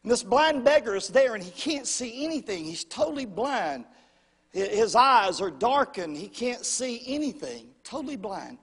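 A male preacher telling a story in a sermon, swinging from shouts to whispers and calling out to the congregation. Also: extremely high pitch, very animated, normal speed, husky, long reverb tail.

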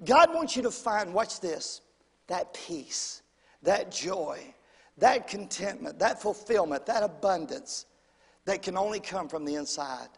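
Male pastor, high-pitched, call-and-response sermon delivery, church hall reverb. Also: animated, measured pace, gravelly, breathy edge. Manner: call-and-response preaching, rising to emphatic bursts. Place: church sanctuary.

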